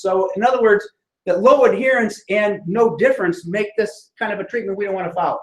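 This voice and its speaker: A man's voice: high-pitched, brisk. A man giving a writing lesson, talking students through sentence structure in a conversational way and often asking "right?". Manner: conversational, frequent "right?" check-ins. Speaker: writing instructor. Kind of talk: classroom lecture on sentence structure. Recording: echoey room.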